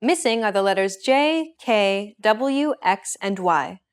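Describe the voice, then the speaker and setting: A woman hosting a language lesson, reading a script in a clear, even, instructive way. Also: mid-range voice, slow.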